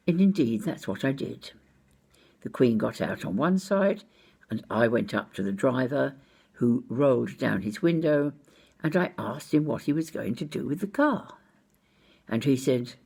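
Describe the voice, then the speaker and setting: A woman's voice: rumbling low, sing-song, unhurried, gravelly, darkish tone, breathy edge. An older woman recounting a personal anecdote in a precise, wry, well-spoken way. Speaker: storyteller.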